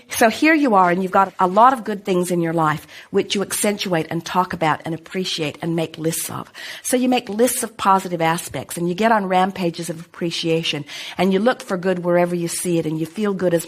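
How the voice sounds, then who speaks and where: A middle-aged woman giving a spiritual teaching talk to an audience, speaking calmly and emphatically of herself as "we". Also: on the low side, brisk. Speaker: inspirational speaker answering audience questions.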